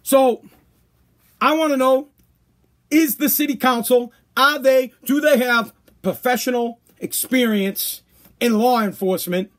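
A man with a very high voice rants through a casual podcast monologue. He swears freely and mocks with sarcasm, sounding worn out and tired. The talk is loose and profane. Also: fairly even intonation, measured pace, fairly bright tone. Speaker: podcast host.

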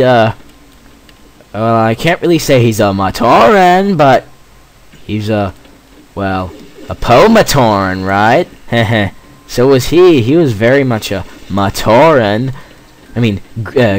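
Lively teenage boy gaming commentator. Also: fairly low pitch. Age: teens. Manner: rambling, jokey, self-mocking asides. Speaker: let's play gamer. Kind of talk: gameplay commentary.

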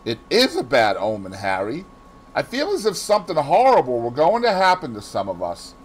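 A man voicing a sensitive, troubled young gentleman who speaks in a pleading, anxious way, in an audiobook reading. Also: mid-range voice, huge pitch swings, moderate pace, slight background noise, voice pushed up, rough recording. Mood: bitter.

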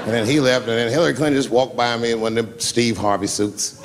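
A man's voice: medium pitch, quick pace, noisy background. A man doing stand-up comedy, telling a long story loosely and profanely and acting out the people in it. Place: live comedy stage.

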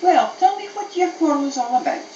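A woman voicing a clever grey donkey in a storybook, talking in a brisk, coaxing way, heard from an old cassette tape. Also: high-pitched, big pitch swings, warm tone, slight background noise, pitched above the performer's own voice. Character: wise cheeky grey donkey. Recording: echoey, distant, dull old cassette tape.

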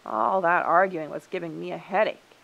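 A woman voicing a vain, fussy male coyote in a storybook reading, talking in an excitable, raised way. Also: on the low side, moderate pace, gravelly, lo-fi sound.

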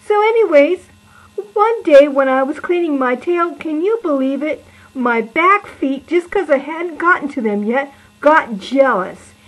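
A cheerful lion preacher, voiced by a woman, talks in a high, bright register. The delivery is sing-song and exaggerated, playful like a children's sermon. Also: expressive, a little slow, rough recording.

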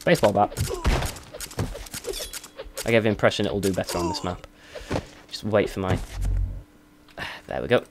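A young British man casually commentating a game he is playing, excitable and self-mocking, blurting out swears. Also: deep voice, moderate pace, gravelly, long pauses, noisy background. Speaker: let's play gamer. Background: game music.

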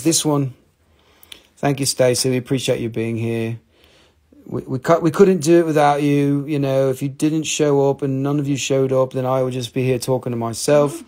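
A man hosting a casual live rock and mineral sale, rambling and joking, teasing viewers by name, and drifting into quiet murmurs as he handles the specimens. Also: medium pitch. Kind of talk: casual live sales chat.

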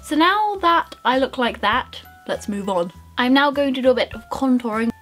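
Faint music plays behind a young beauty vlogger as she chats casually through her makeup routine. Her high, fairly bright voice moves at a moderate pace with lively intonation, and her talk is bubbly, rambling and self-mocking.

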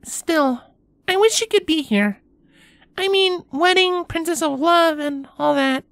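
A man's voice: extremely high pitch, expressive, a little slow, gravelly, fairly bright tone, dry recording, voice pushed up, heavily acted. A man voicing a young female pony princess, nervous and playful, in a fanfiction reading. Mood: wry.

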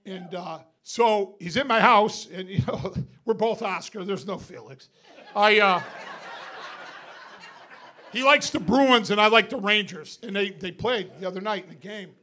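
A middle-aged man from upstate New York doing stand-up, telling a story in a profane, animated way and shouting the punchlines. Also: high voice, measured pace. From Binghamton, New York. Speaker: stand-up comedian. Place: comedy club stage with live audience. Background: audience laughter.

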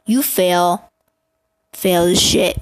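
A woman giving casual gameplay reaction commentary, excitable and blunt, scolding the game and breaking into shouts. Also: on the low side, very slow, clear, resonant tone, no echo. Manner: excitable, bursts into shouts and gasps.

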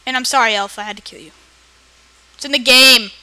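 A woman giving excitable let's play commentary, often yelling at the game. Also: sits high, a little fast, smooth. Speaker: gamer. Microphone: personal computer mic.

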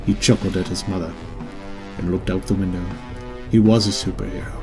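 A man narrating his own audiobook in a measured, descriptive storytelling manner. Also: low-pitched, level tone, music in the background. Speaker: author and narrator.

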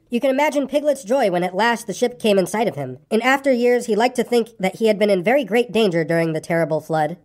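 A woman narrating a children's book aloud in an expressive, lilting way. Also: medium pitch. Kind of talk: audiobook reading of a children's book.

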